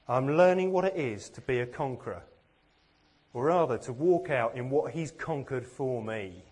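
A man's voice: mid-range voice, lively intonation, moderate pace, darkish tone, breathy edge. A man from England giving a sermon, earnest and self-deprecating, with plenty of rhetorical questions. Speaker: preacher.

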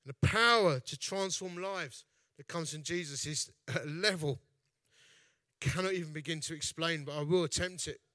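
With a slightly high, bright voice and a forceful tone, the speaker keeps a normal pace on a dry recording. He's an East London evangelist who founded a festival, and his storytelling sermon comes across as chatty, jokey and self-mocking.

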